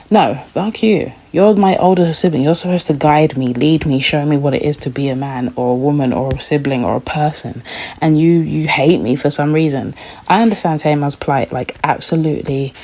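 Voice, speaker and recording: A woman's voice: low-pitched, mellow. A woman hosting a casual TV recap vlog, blunt and opinionated, swearing freely. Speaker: TV recap host. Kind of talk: casual reaction review.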